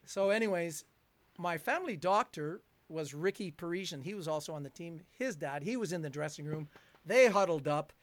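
A man's voice: on the high side, animated, moderate pace, no room sound. An older man, telling a long story as a guest, rambling and chuckling with plenty of fillers. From Canada. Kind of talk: storytelling in a conversation.

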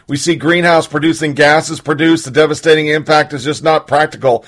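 Male host, a little high-pitched, profane and heated. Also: steady tone, brisk, fairly bright tone. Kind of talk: casual political rant.

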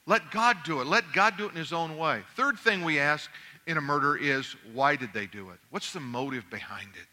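A man's voice: on the high side, animated, moderate pace, pushed and bright. A middle-aged male pastor preaching a conversational sermon, acting out little dialogues from home life.

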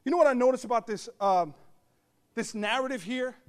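A man pastor delivering a humorous storytelling sermon to his congregation, animated with joking asides and bursts of shouting. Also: very high voice, brisk. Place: church service before a congregation.

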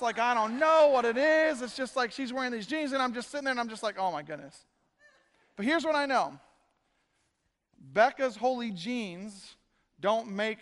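A man preaching as a pastor in a church, casual and joking, slipping into quick quoted asides. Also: high voice, a bit bright, big-room sound. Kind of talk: casual sermon. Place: church sanctuary.

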